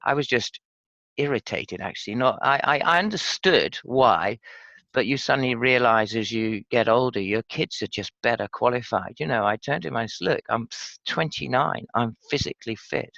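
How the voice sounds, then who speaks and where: A British man in his fifties, a former pilot telling his story frankly and reflectively in an interview, halting with fillers. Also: medium pitch, lively intonation, creaky, sharp tone, dry recording, lo-fi sound. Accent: British English. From Britain. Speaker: podcast guest, former RAF pilot.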